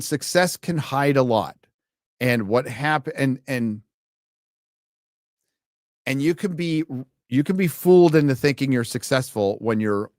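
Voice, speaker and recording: A man's voice: mid-range voice, no room sound, studio quality. A man hosting a live stream, ranting in sarcastic, profane, combative commentary.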